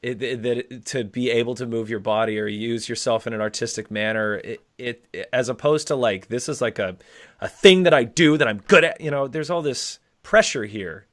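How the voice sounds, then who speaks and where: A man's voice: medium pitch, moderate pace, fairly bright tone. A man with an ordinary mid-range voice chats loosely as co-host. He rambles, restarts his sentences, and drops casual swear words as he gets going. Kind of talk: casual podcast chat.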